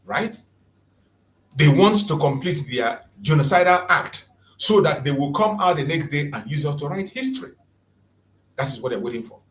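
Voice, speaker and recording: A man's voice: mid-range voice, fairly bright tone. A man giving impassioned live commentary, hammering his points home by repeating phrases. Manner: emphatic, repeats phrases for force. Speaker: online commentator.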